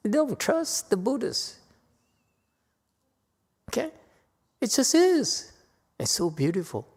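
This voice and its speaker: A man giving a Buddhist dharma lecture in a temple hall, playful and teasing, jumping from loud emphatic lines to quiet asides. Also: high-pitched, wildly swooping pitch, takes it slowly, slightly rough. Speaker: Buddhist teacher.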